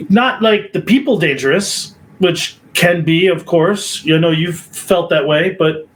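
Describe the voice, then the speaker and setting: A man on a podcast, chatting casually in a slow, measured, relaxed way. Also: on the high side, rough recording.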